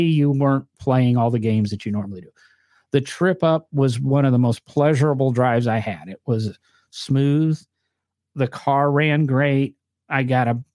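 A man's voice: mid-range voice, darkish tone, dry recording, clean studio sound. A man with a northern US accent, chatting casually about cars with rambling, filler-heavy storytelling. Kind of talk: casual chat.

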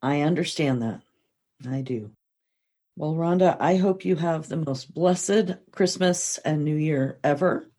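A woman's voice: sits low, unhurried, warm tone. A woman hosting a podcast, chatting in an encouraging, chatty way with her guest and closing the show. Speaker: podcast host. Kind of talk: interview and podcast outro.

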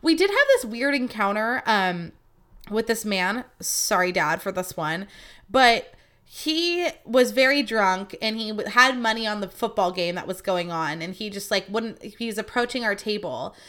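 A woman's voice: mid-range voice, animated, measured pace, fairly bright tone. A young woman hosting a podcast, telling stories in a chatty, profane, casual monologue. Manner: chatty, profane, acts out quoted voices. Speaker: podcast host.

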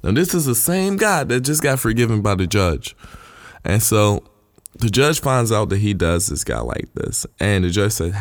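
A man preaches in a plain, low-pitched voice, pressing his points again and again with earnest conviction. He retells old stories in casual everyday words. The sound is close and dry. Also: big pitch swings, moderate pace, dry recording. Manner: earnest, repeats points for emphasis; retells scripture in everyday terms. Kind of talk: informal sermon.

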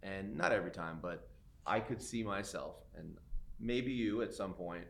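A man's voice: low voice, normal speed, vocal fry, fairly bright tone, a little hiss or hum. A man hosting a casual interview, asking long rambling questions and acting out little scenes. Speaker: podcast host.

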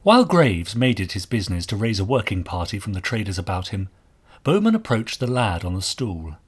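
A male narrator reading a period mystery aloud. His low, slightly husky voice rises and falls a lot, giving the telling an expressive, storybook lilt. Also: brisk. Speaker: audiobook narrator.

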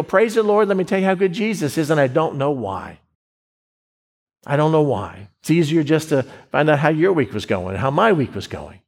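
A man from the United States preaching a sermon as pastor, in a conversational style that swings between slow, emphatic phrases and quick asides. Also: mid-range voice.

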